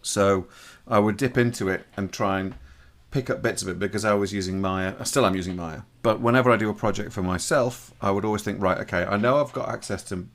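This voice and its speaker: A man's voice: lowish voice, brisk, hardly any pauses, fairly bright tone. A man from England chatting casually on a podcast, rambling with frequent restarts and self-corrections, with jokey teasing banter. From Shropshire, England.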